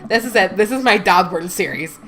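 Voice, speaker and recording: A woman's voice: medium pitch, expressive, fairly bright tone, a little hiss or hum. A woman streaming a game, reading its dialogue aloud and commenting, with a congested nose and frequent giggling. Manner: giggly, reads lines slowly, breaks into laughter. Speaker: let's play streamer.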